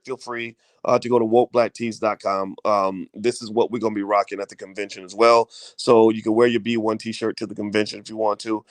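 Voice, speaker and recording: A man's voice: fairly low pitch, no room sound. A middle-aged man hosting a casual video talk, fervent and full of fillers and repeated words. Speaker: host.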